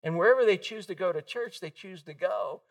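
A man preaching a sermon, telling stories with animated energy and acting out the voices of the people in them. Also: high voice, a little fast, recorded from a distance. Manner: animated storytelling, acts out quoted voices. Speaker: pastor.

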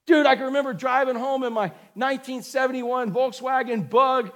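A middle-aged man preaching a sermon in a folksy, animated way, acting out scenes with sudden shouts and calling listeners man and dude. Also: very high voice, normal speed. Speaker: pastor.

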